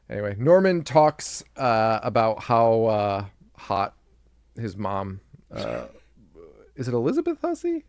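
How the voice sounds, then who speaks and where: A man's voice: on the low side, huge pitch swings, measured pace, a little mellow, smooth, dry recording, clean studio sound. A man co-hosting a horror podcast, recapping a movie in casual chat, joking, laughing often and acting out lines. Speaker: podcast co-host.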